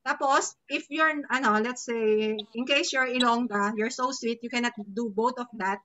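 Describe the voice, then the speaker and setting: A woman with a Filipino accent teaching a live online class, lively and demonstrative, switching between English and Tagalog. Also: fairly high pitch, normal speed, muffled recording. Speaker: Mandarin teacher.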